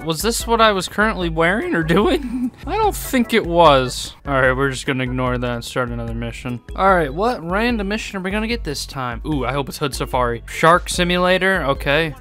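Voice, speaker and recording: A young man giving let's-play commentary on a chaotic game, excitable and laughing often with sudden high yelps. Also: normal speed, faint music behind. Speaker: gaming YouTuber.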